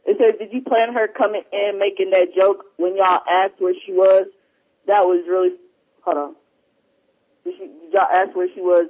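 High-voiced man, husky and rambling. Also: flat delivery, normal speed. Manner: rambling, distracted, loose. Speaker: podcast host. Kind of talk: casual chat, reading listener emails. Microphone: headphones, remote line. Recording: dull lo-fi sound.

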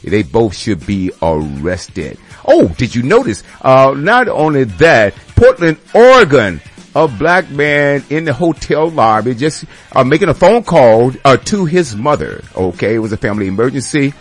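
A man's voice: mid-range voice, sing-song, a little slow, slightly rough, faint music behind. A male radio host delivering an indignant, sarcastic rant with many exclamations. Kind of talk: ranting commentary.

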